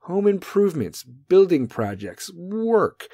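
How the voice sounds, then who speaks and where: A man hosting a talk show, ranting in a brash, profane, comedic way and now and then dropping into mocking high voices. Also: sing-song, takes it slowly, warm tone, no echo. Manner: brash, swearing, swings into mocking falsetto bits. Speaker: podcast host.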